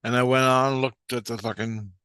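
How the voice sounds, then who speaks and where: A man's voice: mid-range voice, steady tone, moderate pace, bright, forceful tone, clean tone, no echo. A man telling a rambling personal spiritual story in a casual, profane way, often restarting his sentences. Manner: profane, meandering, with frequent restarts. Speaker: spiritual vlogger.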